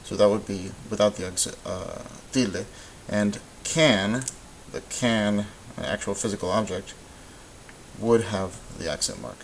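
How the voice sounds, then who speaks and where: A man teaching a recorded Spanish grammar lesson, explaining in a relaxed way with lots of ums and uhs. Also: lowish voice, measured pace, rough recording. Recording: faint hiss.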